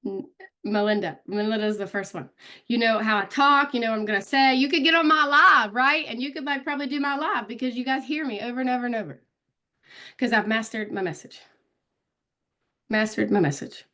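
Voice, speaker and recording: A woman's voice: on the high side, fairly quick, fairly bright tone. A woman giving a casual live online training on social media, talking directly to viewers and calling them out by name. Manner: chatty, calls out viewers by name.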